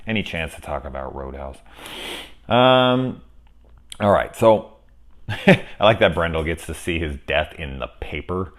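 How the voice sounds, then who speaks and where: A man casually talking through a spoiler film review, rambling and profane, with animated asides. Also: low voice, unhurried, pauses often.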